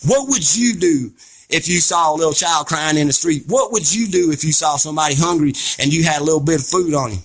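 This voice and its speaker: Fiery, scolding man with a high, bright voice. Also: a little fast, soft background music. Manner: fiery, scolding, blunt and profane. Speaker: vlogger. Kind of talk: impassioned preachy rant to camera.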